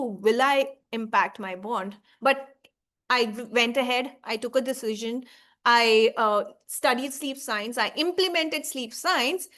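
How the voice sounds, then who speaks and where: A woman's voice: high-pitched, a bit bright. A woman in her thirties, a baby sleep coach, giving a heartfelt talk to mothers, earnest and reassuring, often checking in with "right?" and "okay?". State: emotional, tearing up.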